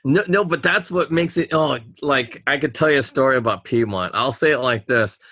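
A man's voice: mid-range voice, normal speed, bright, forceful tone, no room sound. A man, rambling through stories in casual chat, drawing words out and laughing often.

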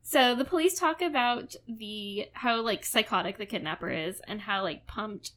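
A woman's voice: mid-range voice, lively intonation, normal speed, fairly bright tone, a little hiss or hum. A woman co-hosting a casual podcast, recapping a drama episode in a chatty way, often laughing and saying "like". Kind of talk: casual chat.

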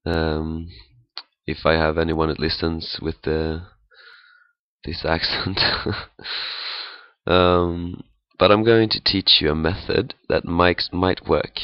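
Man, very low voice, unhurried, halting pronunciation lesson, muffled dry sound. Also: little pitch movement, no room sound. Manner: halting, many fillers, demonstrates sounds. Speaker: language teacher.

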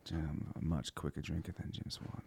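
A man hosting a casual podcast, telling stories in an animated, swearing way while drinking beer. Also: rumbling low, normal speed, vocal fry, background noise. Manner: animated storyteller, swears freely. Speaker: podcast host.

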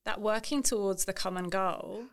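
A woman's voice: medium pitch, moderate pace. A woman hosting a podcast interview, reflecting on her guest's points and affirming often. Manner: warm affirming, lots of short agreement. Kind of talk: casual interview chat.

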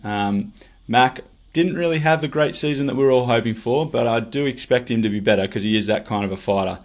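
A man's voice: mid-range voice, fairly quick. A man with an Australian accent, president of a fan club, sending an enthusiastic recorded message. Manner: enthusiastic, colloquial.

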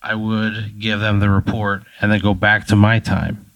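Man, low voice, blunt, exasperated, swearing, casual comedy banter, dry close sound. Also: monotone, normal speed, gravelly, a bit bright, dry recording, rough recording.

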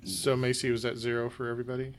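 A man's voice: mid-range voice, little pitch movement, very fast, slight background noise. A man keeping score for a trivia game, chatting casually with a wry, teasing manner. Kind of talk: casual chat.

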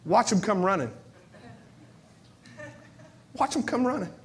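A male pastor with a notably high voice delivers a passionate sermon at an unhurried pace. He swings from shouted cries to hushed whispers and leans on repetition. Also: lively intonation. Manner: repeats phrases for emphasis.

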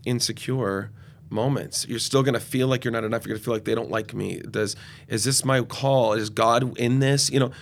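An enthusiastic, loud man in his forties, talking off the cuff as a ministry guest in an interview. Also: medium pitch, fairly even intonation, normal speed, creaky. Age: 40s. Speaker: guest youth and young adult ministry leader. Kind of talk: podcast interview conversation.

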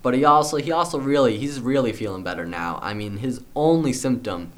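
A man's voice: medium pitch, animated, brisk, a bit bright. A young man casually improvising a story for a friend, rambling with fillers and restarts.

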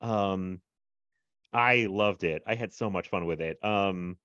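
Male podcast co-host, low voice, rambly and laughing, dry close mic with slightly dull sound. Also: slow, fairly bright tone, no room sound. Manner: rambling, filler-heavy, laughs often. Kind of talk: casual chat.

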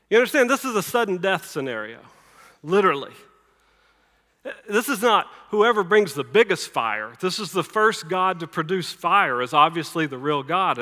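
A man preaching a sermon, emphatic and swinging between loud and hushed, with a playful sarcastic streak. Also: a little high. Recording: reverberant hall.

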